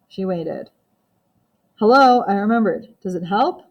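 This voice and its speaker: A woman narrating an audiobook in first person, with steady, even storytelling. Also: medium pitch, a little slow, creaky.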